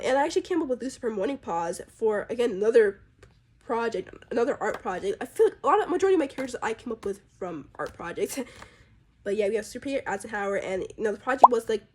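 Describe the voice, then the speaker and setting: A woman's voice: medium pitch, a little mellow. A woman casually chatting about her drawn characters, rambling and chatty, with plenty of fillers. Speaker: artist presenting her characters. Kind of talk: casual chat.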